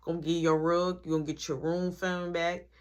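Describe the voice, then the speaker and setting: A man's voice: on the high side, level tone, a little fast, smooth, natural voice. A man playing a strict, no-nonsense mother who scolds and bosses her sons around. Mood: stern. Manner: sharp scolding with bossy commands.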